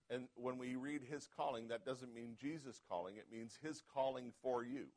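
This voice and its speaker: A pastor preaches a sermon, reading scripture aloud and calling out "Amen?" to the congregation as he swings between quiet asides and loud, emphatic passages. His mid-range voice is sing-song at a moderate pace, on a low-quality recording.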